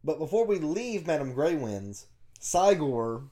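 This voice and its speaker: A man co-hosting a casual podcast, telling a tabletop game story with a teasing, lively manner. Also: a little high, a little slow. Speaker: podcast co-host.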